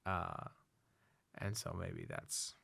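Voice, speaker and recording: A man's voice: low voice, huge pitch swings, very slow, vocal fry, sharp tone, breathy edge, no echo. A man co-hosting a podcast in casual chat, loose and swearing often. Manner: loose, swears a lot, many fillers. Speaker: podcast co-host.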